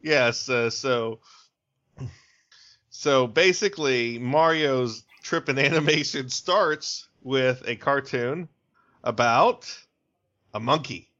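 A man's voice: medium pitch, takes it slowly, a bit bright. A man co-hosting a podcast, chatting casually and cracking jokes. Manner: joking, laughs between lines. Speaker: podcast co-host. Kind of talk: casual chat. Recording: dull lo-fi audio.

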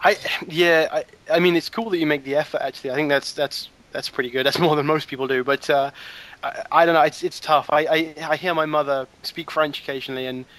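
Young Englishman with a higher voice. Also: fast talker. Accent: southern English. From Wiltshire, England. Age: 20s. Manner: rambling, many restarts and fillers, lively storytelling. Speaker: guest animator. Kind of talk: casual conversational interview.

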